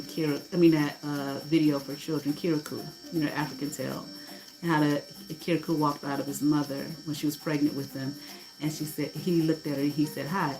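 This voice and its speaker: A middle-aged woman telling a personal story in a casual way, animated, swearing freely and acting out what people said. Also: low voice, slight background noise, rough recording. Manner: animated, swearing, laughing, acts out quotes. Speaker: host.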